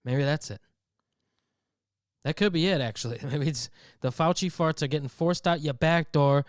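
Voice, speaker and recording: Brief: comedic podcast host, animated storyteller, clear voice, dry sound. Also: male voice, fairly high pitch, normal speed, dry recording. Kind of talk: comedic rant.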